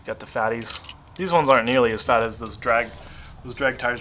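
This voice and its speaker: A man's voice: mid-range voice, a little fast, pushed and bright, slight background noise. A married man with a Southern US accent, chatting casually about his diecast car collection, rambling and self-deprecating and going off on tangents. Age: adult, married. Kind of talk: casual chat.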